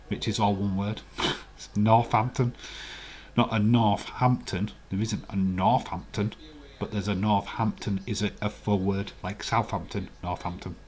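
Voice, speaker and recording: A man's voice: fairly low pitch, steady tone, normal speed. A man from West Yorkshire with a Yorkshire accent, hosting a casual live watch-along and chatting playfully and argumentatively with his viewers. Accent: Yorkshire English. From West Yorkshire, England. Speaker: live stream host.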